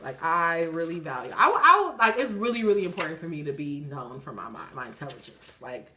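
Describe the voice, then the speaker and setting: A woman's voice: low-pitched, big pitch swings, normal speed, hardly any pauses, pushed and bright. A woman hosting her own channel, giving a casual card reading to her viewers. She reads the cards aloud, breaks off to laugh and swear, and gets emotional. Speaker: tarot reader and channel host.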